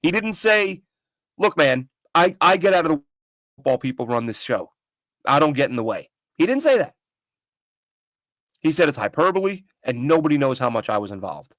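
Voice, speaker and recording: A man's voice: fairly high pitch, sing-song, moderate pace, pauses often, a bit bright, no echo. A man hosting a casual sports talk show from home, opinionated and rambling, with frequent restarts. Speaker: podcast host. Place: home studio with his dog nearby.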